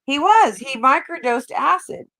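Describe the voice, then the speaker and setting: A woman's voice: sits high, expressive, a little slow, a bit bright, no echo. A woman chatting casually on a live audio panel, laid-back, joking and swearing freely.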